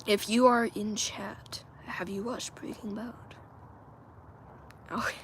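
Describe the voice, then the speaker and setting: A chatty woman hosting a casual livestream from home, speaking into her phone. She answers viewers' comments aloud in an easygoing way and laughs often. Her voice sits at a mid pitch. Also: steady tone, takes it slowly, slight background noise. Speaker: livestream host.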